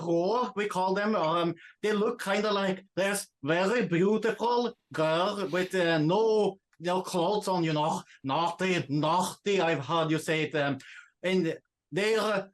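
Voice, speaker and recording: A man voicing a lovesick young Swedish immigrant who hunts monsters, speaking with a put-on Swedish accent and halting English. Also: sits high. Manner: halting, searching for English words. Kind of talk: tabletop role-play in character.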